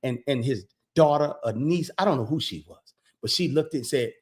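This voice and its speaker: A man vlogging, telling a casual story in an animated way, retelling conversations with lots of "I said, he said" and repeated words when he gets excited. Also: medium pitch, normal speed.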